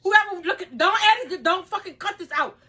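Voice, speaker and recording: A woman shrieks and laughs through tears, her very high voice swooping up and down. She swears at every turn and her tone is bright and cutting. It is a mother's loud, emotional rant. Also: animated, fast talker. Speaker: mother being pranked.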